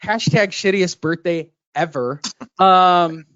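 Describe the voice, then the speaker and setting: A man's voice: sits high, takes it slowly, a bit bright, dull audio, slight background noise. A man co-hosting a podcast in casual chat, joking and swearing as he tells stories. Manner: profane, joking storyteller. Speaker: podcast co-host.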